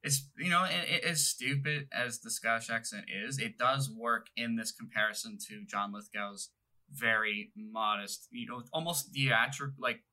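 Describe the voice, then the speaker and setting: A man's voice: mid-range voice, moderate pace, bright, forceful tone, low-quality recording. A young man co-hosting a podcast, chatting casually about films in a rambling, self-correcting way. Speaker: podcast co-host. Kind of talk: casual film chat.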